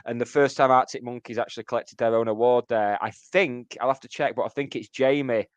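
A man's voice: mid-range voice, steady tone, brisk, smooth, no room sound, dull audio. A man co-hosting a casual music podcast, rambling a little and explaining things for listeners. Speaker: podcast co-host.

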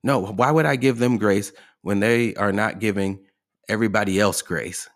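A motivational podcast host talks at a moderate pace in a voice on the low side. He's emphatic and keeps asking his listeners rhetorical questions.

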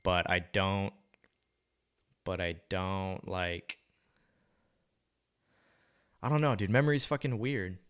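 Taking his time with long pauses, a young man drifts through a rambling monologue, thinking out loud in relaxed slang with casual swearing. His voice is very deep yet a bit bright, clear and resonant.

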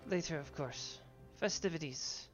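A woman voicing a guarded, secretive man met in a tavern, speaking in a measured, deliberate way. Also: low voice, highs cut off, soft background music.

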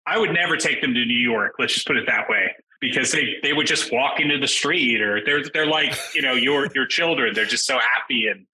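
A man's voice: medium pitch, fairly quick, hardly any pauses, a little hiss or hum, poor audio. A middle-aged man, a game designer, chatting casually as a podcast guest and acting out quotes with sudden jumps in his voice. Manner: animated, acts out quotes in raised voices.

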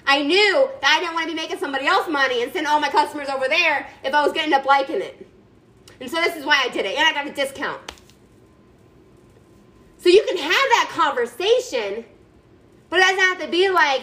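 High-pitched sassy lady hyping up her team on a video call, chatty and emphatic. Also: lively intonation, fairly quick, bright, forceful tone, low-quality recording. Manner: sassy, chatty, emphatic, addresses listeners as y'all. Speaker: team leader speaking to her sales team. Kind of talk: motivational pep talk.

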